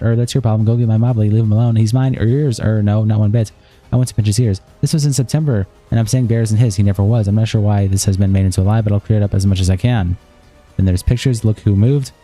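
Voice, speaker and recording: On a live stream, a man whose voice runs on the low side reads out a prepared statement quickly and without inflection, occasionally tripping over words and starting over.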